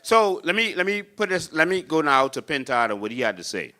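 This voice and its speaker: A Bahamian man drives a political talk show with fiery, preachy conviction, speaking in a forceful, bright voice that sits a little high for a man. He talks straight to a studio audience. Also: big pitch swings, brisk. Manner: impassioned, preachy, acts out voters in mocking voices. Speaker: political host and party leader.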